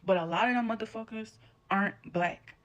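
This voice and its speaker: A woman's voice: fairly high pitch, fairly quick, highs cut off. A woman giving a blunt, profane reaction rant to camera.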